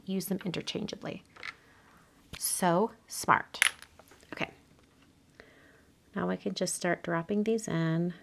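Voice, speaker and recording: Woman, gravelly voice, casual craft chat, soft murmurs while working. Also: fairly low pitch. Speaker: card-making host. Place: home craft room.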